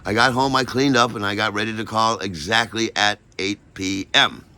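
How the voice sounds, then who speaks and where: An older man telling a personal story in an animated way, acting out every voice and lingering on words. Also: lowish voice, normal speed.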